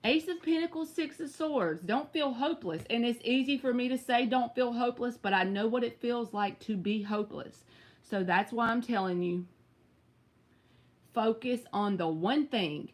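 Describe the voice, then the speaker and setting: A woman's voice: fairly high pitch, moderate pace. A woman with a Southern US accent giving live tarot readings, chatty and direct, answering viewers by name. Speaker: tarot reader.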